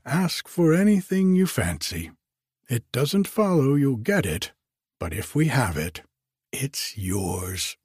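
A man's voice: mid-range voice, big pitch swings, slow pace, breathy edge, dry recording, studio quality, heavily acted. A man reading aloud and voicing a breezy, chummy, overbearing hotel porter. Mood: jaunty. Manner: bright and chummy.

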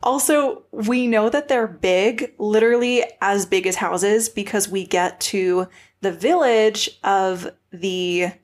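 A woman with a mid-range voice chats through an episode recap on a podcast. She is playful and jokey, tossing in quick quips as she goes. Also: mid-range voice. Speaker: podcast co-host. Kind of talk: casual recap chat.

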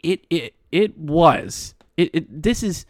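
A man's voice: fairly high pitch, animated, slow, no echo, clean studio sound. A man hosting a solo hockey podcast, ranting in exasperation and working himself up as he goes. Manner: exasperated ranting, getting louder and riled up. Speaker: podcast host. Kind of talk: solo sports podcast rant.

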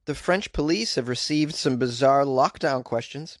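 A man's voice: mid-range voice, normal speed, hardly any pauses, dry recording, studio quality. A man hosting a podcast, giving comedic commentary on odd news with crude, sarcastic riffs and asides. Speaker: podcast host.

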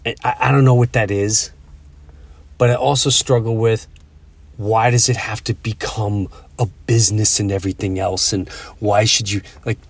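A middle-aged man hosting a podcast, chatting casually and telling stories with halting restarts. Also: on the low side, fairly even intonation, husky, no room sound. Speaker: podcast host. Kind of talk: casual chat.

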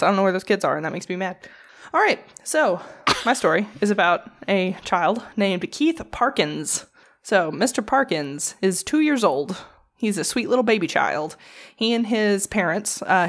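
Give me an animated woman telling a true crime story, swearing freely and casually. Her pitch sits in a middle range, and she talks like she's chatting with a friend. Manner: profane, animated storyteller with mocking quoted voices.

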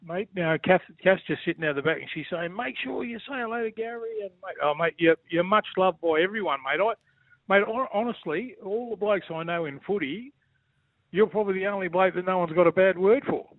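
A man's voice: high-pitched, a little fast, no echo. An older Australian man, a former footballer calling in, joking and ribbing his mate and saying "mate" constantly. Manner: rowdy, jokey, says mate constantly. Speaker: former rugby league player calling in. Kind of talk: casual banter. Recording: tinny phone line, dry.

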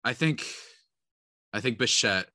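A man co-hosting a sports podcast, talking in an animated, excitable way and laughing easily. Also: medium pitch, a little slow, dry recording, clean studio sound. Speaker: podcast co-host. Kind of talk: casual sports podcast chat.

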